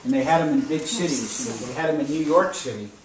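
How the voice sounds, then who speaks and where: A man's voice: medium pitch, fast. Older man telling a rambling story. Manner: rambling, animated, acts out voices with shouts. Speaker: grandfather telling a story to children. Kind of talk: casual storytelling. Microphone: camcorder across the room. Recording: echoey room, distant camera, loud noise.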